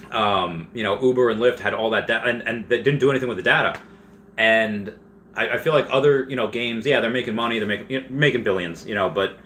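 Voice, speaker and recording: A man's voice: medium pitch, a bit bright, slight background noise. A man hosting a casual live stream, reading chat questions aloud and rambling through answers with frequent restarts.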